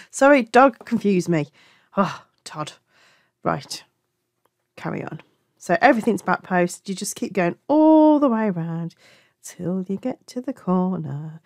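A woman's voice: medium pitch, animated, takes it slowly, darkish tone, dry recording, clean studio sound. A woman with a Black Country accent from England, teaching crochet in a chatty, affectionate way and often correcting herself. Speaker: crochet tutor. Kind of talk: crochet tutorial.

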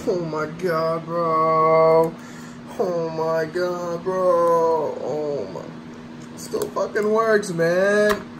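A man vlogging while gaming, slangy and swearing constantly, flipping from mutters to yelling. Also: fairly high pitch, fairly even intonation, very slow, background noise. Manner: slangy, uses bro and y'all. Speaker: gaming YouTuber. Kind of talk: casual gaming vlog.

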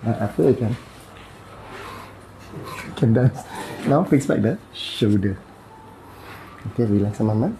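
During a hands-on bone-setting session, a man with a Malaysian English accent talks his patient through it in clipped, simple terms, adding playful sound effects as he goes. His voice is on the low side and dark, animated yet a little slow, with long pauses. The audio is poor, with slight background noise.

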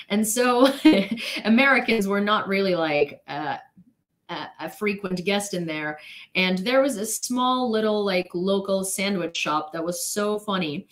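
A woman's voice: medium pitch, a little slow, a bit bright. A young woman streamer telling a long casual story to her chat, rambling with many "like"s and restarts and laughing often.

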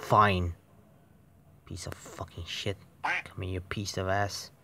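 A man's voice: low voice, slow pace, gravelly, crowd noise. A frustrated man commenting on a phone game, swearing constantly and swinging between muttered whispers and sudden yelps. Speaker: mobile game player. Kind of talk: gaming commentary.

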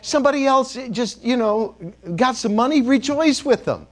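A man's voice: very high-pitched, normal speed. A man preaching a sermon as a bishop in a church, joking and calling on the congregation to repeat words after him.

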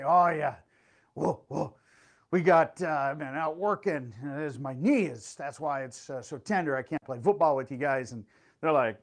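A middle-aged man talks in a high, bright voice that jumps all over the place. He chats casually as a real estate agent, with plenty of fillers and playful exclamations. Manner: animated, chatty, full of fillers and playful exclamations. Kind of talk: casual vlog storytelling and market update.

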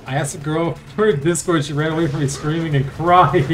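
A man's voice: a little high, steady tone, moderate pace, soft background music. A man streaming a video game, joking crudely and talking to the game and his chat in casual commentary.

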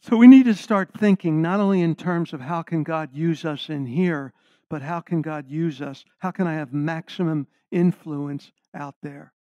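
A man's voice: on the high side, moderate pace, mellow, no echo, muffled recording. An older man, a guest preacher, giving an earnest sermon and putting questions to the congregation.

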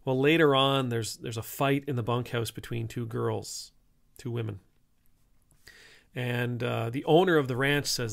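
Male priest, gravelly voice, halting and conversational. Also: mid-range voice, fairly even intonation. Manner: rambling, halting, full of restarts. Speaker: Anglican priest. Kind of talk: casual spoken reflection.

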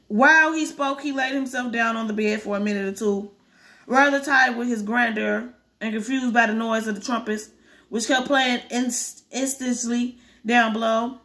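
A woman's voice: a little high, normal speed, sharp tone. A woman reading a storybook chapter aloud, carefully, restarting on hard words. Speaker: reader.

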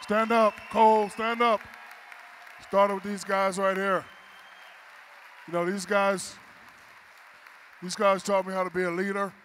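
A man's voice: high voice, little pitch movement, measured pace, long pauses, fairly bright tone, some chatter behind. Man in his 40s, teasing storyteller, banquet acceptance speech, faint hall noise. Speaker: honoree giving acceptance speech. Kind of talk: joking speech at an awards dinner.

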